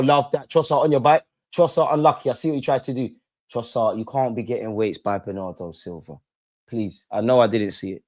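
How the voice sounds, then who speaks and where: With a medium-pitched, darkish voice, a man hosts a live football watch-along. Emotional and casual, he talks at the players and referee on screen using slang and occasional swearing.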